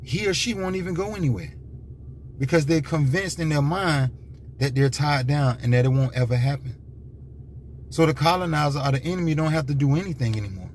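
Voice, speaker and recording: A man's voice: medium pitch, a little mellow, slight background noise. A man giving an unscripted monologue, rambling and repetitive, with emphatic restarts and many fillers. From United States. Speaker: commentator.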